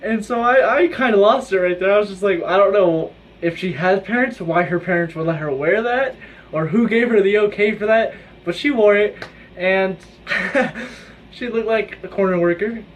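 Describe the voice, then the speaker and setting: Indoors with his own video light, a teen boy chats casually to camera about his school day in a high voice at a moderate pace. His stories ramble, are packed with "like," and come with plenty of laughter.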